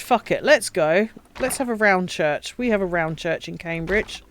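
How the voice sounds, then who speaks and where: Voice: medium pitch, animated, moderate pace, a little hiss or hum. A streamer giving casual, crude, joking game commentary and laughing often, recorded on a desk mic. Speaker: live streamer. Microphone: desk mic, voice only.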